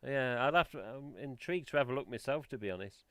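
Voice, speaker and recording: A man's voice: medium pitch, lively intonation, fast, over a noisy crowd. A man hosting a casual livestream, chatting in a rambling, self-interrupting way. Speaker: livestream host. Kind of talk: casual chat.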